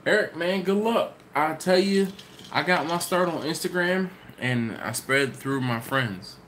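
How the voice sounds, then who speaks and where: A man's voice: fairly high pitch, a little slow, fairly bright tone, a little hiss or hum. A man hosting a live barbecue channel stream, answering chat questions in a loose, rambling way and laughing often. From Maryland, US. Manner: casual, rambling storyteller with frequent laughs.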